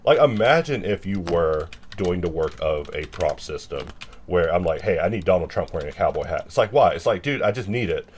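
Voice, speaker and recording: A man chatting casually and rambling while he works, self-mocking, sometimes bursting into loud mock-angry lines. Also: low-pitched, animated, brisk, a little hiss or hum.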